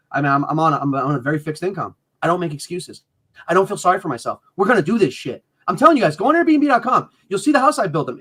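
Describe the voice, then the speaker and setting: A man with a New England accent from the northern US, a guest on a livestream interview who talks in rambling, profane, loud bursts. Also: high voice.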